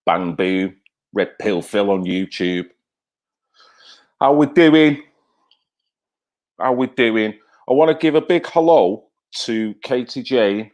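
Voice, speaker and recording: Chatty man hosting a livestream. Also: lowish voice. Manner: chatty, swears freely, greets viewers and reads their comments aloud. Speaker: livestream host. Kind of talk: casual livestream chat.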